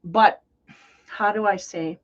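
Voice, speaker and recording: A woman's voice: medium pitch, fairly even intonation, takes it slowly, lo-fi sound. Rambling, conversational woman tarot reader. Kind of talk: casual spiritual reading.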